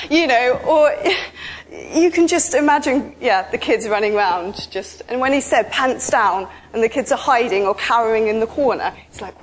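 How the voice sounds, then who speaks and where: Chatty woman preaching, slightly high voice. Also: normal speed. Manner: chatty, animated storytelling with asides. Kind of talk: informal sermon.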